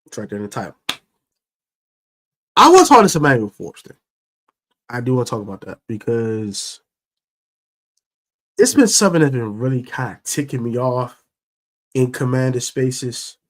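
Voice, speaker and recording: A man hosting a fan sports show, ranting in a casual, slangy, animated way about his team. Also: mid-range voice, normal speed, pauses often. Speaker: sports podcast host. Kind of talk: casual fan commentary rant.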